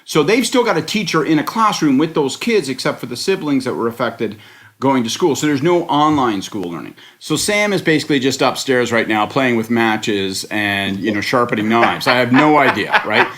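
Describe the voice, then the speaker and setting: A man's voice: medium pitch, expressive, normal speed, fairly bright tone. A man on a political panel, chatting casually in a sardonic, rambling way with the odd swear word. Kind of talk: casual chat.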